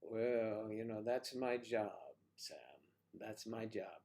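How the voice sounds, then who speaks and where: A man's voice: on the low side, steady tone, slow, darkish tone. An older man co-hosting a casual livestream chat, playful and teasing, joking about mangling Spanish. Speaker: livestream co-host.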